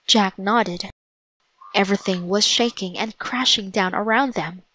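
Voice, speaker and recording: A woman reading a children's chapter book aloud as narrator, in a slow, deliberate storytelling manner. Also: medium pitch, sharp tone, muffled recording. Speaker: storybook reader.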